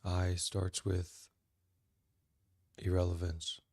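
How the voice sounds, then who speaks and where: A man talking as a meditation teacher, in a halting, deadpan way with dry irony. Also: low-pitched, dry recording. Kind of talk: casual spoken teaching.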